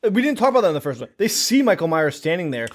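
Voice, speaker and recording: A man co-hosting a casual podcast with a fairly high, lively voice. He talks in a wry, joking way and swears casually. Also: very fast. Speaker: podcast co-host. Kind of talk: casual chat.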